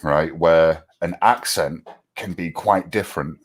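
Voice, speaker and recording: Joking English man, low voice. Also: unhurried. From England. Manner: joking, chatty, laughs often. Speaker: panel speaker. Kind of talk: casual group chat.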